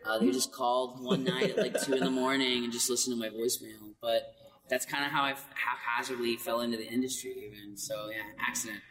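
Far from the microphone, a man speaks briskly in a mid-range voice. He's a voice actor telling stories in a casual interview, animated and often laughing, inside an echoey hall with a little background noise.

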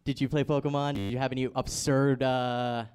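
A male host leads a relaxed group conversation in a mid-range voice. He is chatty and keeps putting questions to his guests. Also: mid-range voice, normal speed, a little hiss or hum. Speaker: podcast host. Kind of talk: casual group chat.

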